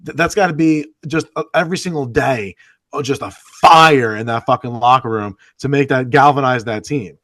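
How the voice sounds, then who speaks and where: Man, podcast co-host, swearing, argumentative, dry sound, mid pitch. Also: normal speed, no room sound. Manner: swearing, animated arguing. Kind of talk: casual sports chat.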